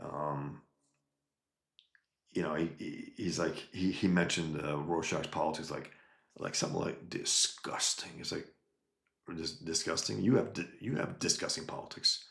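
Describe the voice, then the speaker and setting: A man's voice: very deep voice, unhurried, vocal fry, fairly bright tone, echoey room. A man hosting a casual livestream, reading viewer comments and talking in an emphatic, rambling way with frequent restarts. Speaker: livestream host reading chat.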